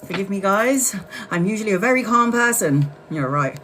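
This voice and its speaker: Bright-voiced woman reading tarot live. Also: mid-range voice, expressive, moderate pace, slight background noise. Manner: casual, blunt, swears when frustrated. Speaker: tarot reader.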